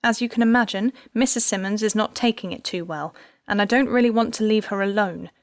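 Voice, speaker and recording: A woman voicing a composed female police detective in an audiobook, speaking with calm authority. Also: mid-range voice, fairly quick, dry recording, studio quality, natural voice. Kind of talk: audiobook character reading.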